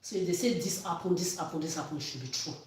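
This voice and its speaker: A woman's voice: fairly low pitch, fast talker, a little mellow. A woman vlogger delivering an angry, accusatory monologue, swearing and often raising her voice. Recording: echoey room, far from mic.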